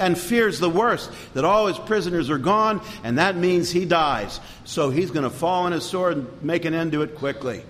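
A pastor preaching a sermon with fervent emphasis and sudden loud rises in his voice. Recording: long hall reverb, faint rumble.

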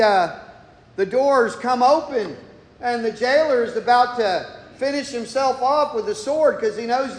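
Male preacher, high voice, slow deliberate delivery, roomy hall sound. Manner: animated, rhetorical, voices imagined listeners. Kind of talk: sermon. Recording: echoey hall, far from mic.

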